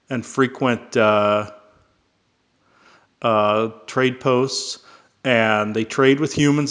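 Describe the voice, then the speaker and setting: A man's voice: mid-range voice, a bit bright. A man casually introducing a channeling session, talking hesitantly with many fillers and restarts.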